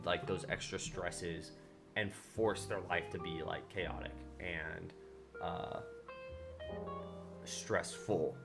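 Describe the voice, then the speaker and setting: A man hosting a casual solo podcast, rambling through his thoughts with lots of fillers and animated bursts when he retells his own anger. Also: low-pitched. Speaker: podcast host.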